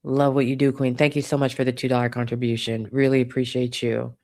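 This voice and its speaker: A woman's voice: a bass voice, little pitch movement, quick pace. Chatty woman livestream host. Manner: warm, chatty, swears casually. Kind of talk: casual livestream chat, reading viewer donations.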